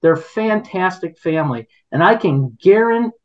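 A man's voice: sits high, animated, moderate pace, muffled recording. A man hosting a podcast, telling a story in casual chat, indignant and rambling with many restarts. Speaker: podcast host.

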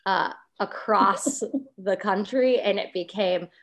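A woman's voice: medium pitch, takes it slowly, creaky, fairly bright tone. A young adult woman, a podcast co-host chatting as a guest with wry humor. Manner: wry, laughing easily. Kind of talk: casual chat.

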